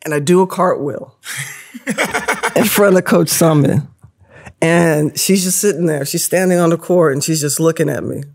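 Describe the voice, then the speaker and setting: A woman in her fifties telling a story as a podcast guest, lively, laughing often and acting out the people she quotes. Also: low-pitched, normal speed, vocal fry, slightly rough. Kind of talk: animated storytelling.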